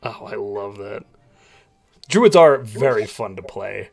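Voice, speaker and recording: Animated male co-host, lively pitch, soft music bed. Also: creaky. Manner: animated, quick to laugh. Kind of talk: casual interview chat.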